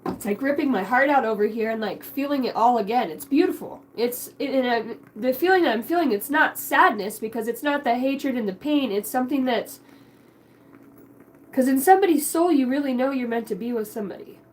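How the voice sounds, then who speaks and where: A woman's voice: fairly high pitch, brisk, a little hiss or hum, rough recording. A young woman giving a spiritual card reading, emotional and rambling, swearing casually. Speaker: tarot card reader.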